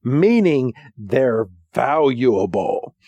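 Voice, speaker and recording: A man's voice: medium pitch, big pitch swings, very slow, warm tone, dry recording, full character voice. A man voicing a smug, greedy male creature hunter who gloats, quoted during a podcast recap. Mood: gloating.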